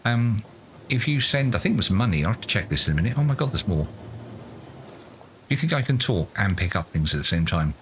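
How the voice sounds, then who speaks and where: A man's voice: lowish voice, sing-song, brisk, slight background noise. A man doing let's play commentary, muttering to himself in a self-mocking, exasperated way. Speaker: gaming YouTuber.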